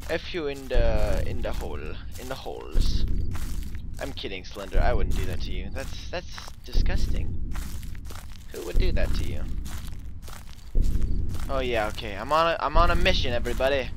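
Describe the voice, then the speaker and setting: A man giving let's-play commentary on a horror game, rambling and joking nervously, stammering and yelling when startled. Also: medium pitch, background noise. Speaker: gaming channel host.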